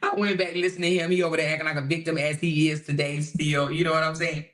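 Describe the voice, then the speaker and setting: A woman hosting a livestream, reading viewer comments in casual chat that is animated, laughing and gossipy. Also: low voice, fast talker. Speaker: livestream host.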